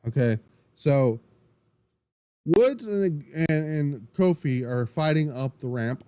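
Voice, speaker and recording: A man hosting a wrestling podcast, recapping the show in an excitable, rambling way, full of restarts and swearing. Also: on the high side, takes it slowly, clean tone, no echo. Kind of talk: casual solo recap.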